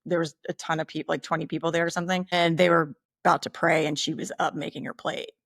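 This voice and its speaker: A woman co-hosting a podcast in relaxed, supportive casual chat. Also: sits low, fast talker, gravelly, dry recording, clean studio sound. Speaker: podcast co-host.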